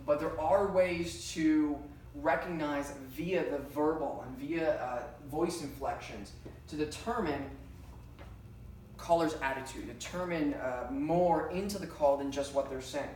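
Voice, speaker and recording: A 9-1-1 dispatcher trainer with a slightly high, darkish voice lectures a class at a slightly slow pace. He's conversational, leaning on lots of fillers and personal anecdotes. The room is very echoey, with a distant mic and faint hiss.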